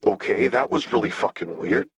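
A man's voice: lowish voice, expressive, normal speed, slightly rough, no echo, voice pushed up, heavily acted. A man doing a sarcastic young street rebel. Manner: sarcastic, cursing.

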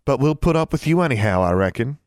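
A folksy teenage country girl with a scolding, homespun way of talking, as a man puts her on. The voice is lifted well above a man's usual register, with a lively, swooping lilt. It is a dry, close audiobook read. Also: medium pitch, quick pace, no room sound, pitched above the performer's own voice, lightly acted. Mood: fond scolding. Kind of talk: audiobook character voice.

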